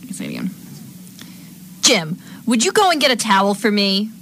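A woman's voice: medium pitch, sing-song, a little fast, fairly bright tone, a little hiss or hum. A woman voice actor chatting casually between takes in a recording session.

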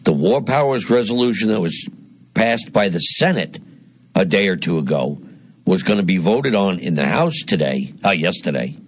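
A man hosting a radio talk show, delivering a deliberate, emphatic commentary monologue with dramatic pauses. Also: deep voice, lively intonation, slightly rough, no room sound. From Northeast Pennsylvania.

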